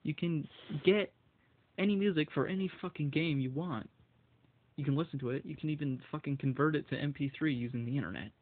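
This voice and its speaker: A man's voice: a little high, fairly quick, narrow, tinny audio. A man ranting angrily about video game prices, swearing constantly and stumbling over his words, his voice shaking with anger. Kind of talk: angry solo rant.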